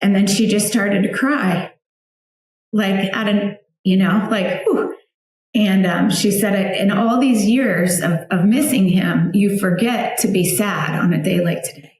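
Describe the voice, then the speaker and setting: A woman's voice: medium pitch, unhurried, darkish tone. Woman guest, 30s-40s, chatty and heartfelt, lots of fillers; very roomy echo on the mic. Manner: chatty, emotional storytelling with many fillers. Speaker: guest, founder of a flower outreach for widows. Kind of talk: personal storytelling interview.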